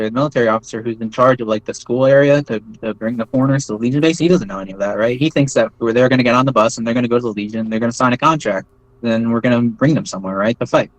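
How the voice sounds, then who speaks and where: A man's voice: mid-range voice, no room sound, rough recording. Rambling man telling a war story. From United States. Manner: rambling, many fillers and tag questions. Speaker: veteran telling his story. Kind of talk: casual first-person storytelling.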